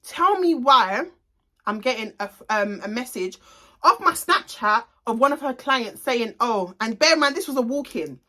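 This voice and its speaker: Her voice is a little high, pushed and bright, with lively intonation at a moderate pace. The young adult salon owner speaks directly to viewers in a casual storytime vlog, gossipy, blunt and freely profane.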